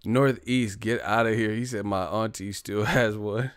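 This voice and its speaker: A man's voice: on the low side, steady tone, a little slow, clear, resonant tone, dry recording. A young man hosting a livestream, telling profane stories in a casual comedic rant and reading out names from the chat, close to the mic. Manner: profane, storytelling, reads chat names, laughs loudly. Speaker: livestream host.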